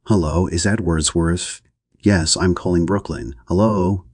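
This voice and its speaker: A man's voice: deep voice, a little slow, a little mellow, dry recording, studio quality. A man voicing an anxious bookseller who insists and repeats himself on the telephone. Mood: urgent. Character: urgent, anxious male bookseller on phone.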